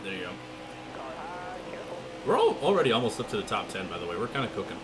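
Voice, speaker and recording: A young man livestreaming a racing game from his room, chatting and joking with his viewers in quick asides. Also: lowish voice, very animated, music in the background. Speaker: gaming streamer. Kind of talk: live stream chat and play-by-play. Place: home room. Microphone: desk mic with webcam.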